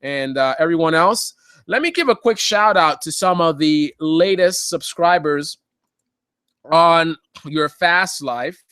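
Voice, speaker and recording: A man's voice: a little high, slow, sharp tone, clear, resonant tone, no echo, studio quality. A man hosting a live motorcycle channel update, talking casually in a joking, rambling way with lots of fillers.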